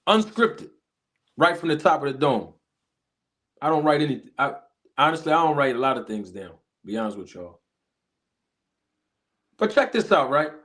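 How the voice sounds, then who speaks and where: A man hosting a live stream, chatting casually and giving animated shout-outs to viewers. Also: fairly high pitch. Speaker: livestream host.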